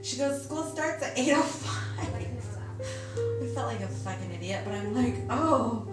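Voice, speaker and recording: A woman's voice: a little high, expressive, a little slow. A woman who runs an escort agency, talking candidly and casually on camera for a documentary, swearing freely as she tells her stories. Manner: casual, profane storytelling. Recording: roomy sound with music behind. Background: music.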